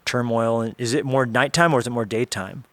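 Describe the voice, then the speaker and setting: Man, podcast host, upbeat, self-deprecating, average pitch, dry sound. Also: a little fast, a bit bright, no echo. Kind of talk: casual interview.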